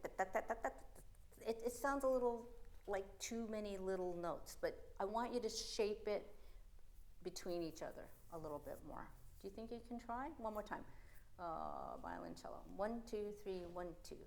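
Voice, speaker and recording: A woman's voice: mid-range voice, moderate pace. A middle-aged woman from the United States, a piano teacher coaching a chamber trio in a masterclass, counting and singing rhythms aloud while they play. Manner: animated, counts and sings rhythms aloud over the playing. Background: piano, violin and cello playing.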